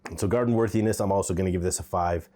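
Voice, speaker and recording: A man's voice: sits low, very fast. A man giving a casual, candid pepper tasting review, thinking aloud with the odd um.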